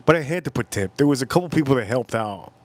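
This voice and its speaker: A man's voice: mid-range voice, lively intonation, quick pace, dry recording. A man hosting a livestream, telling a rambling story in a casual way, often repeating phrases and swearing in passing. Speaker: livestream host.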